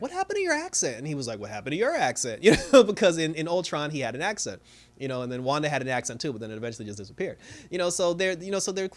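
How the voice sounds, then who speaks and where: A man giving a casual recap of a TV episode, rambling along with many fillers. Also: on the high side. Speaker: TV show reviewer.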